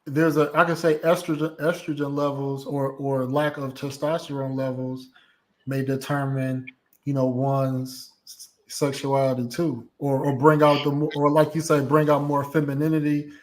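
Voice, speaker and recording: A man co-hosting a casual live-stream discussion who thinks aloud in halting phrases and often restarts his sentences. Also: medium pitch, flat delivery.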